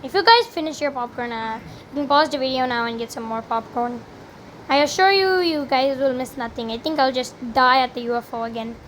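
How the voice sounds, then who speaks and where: A young woman gives chatty, rambling live commentary as she plays a video game, her high-pitched voice brisk over a slight hiss or hum. She bursts into loud exclamations whenever she fails.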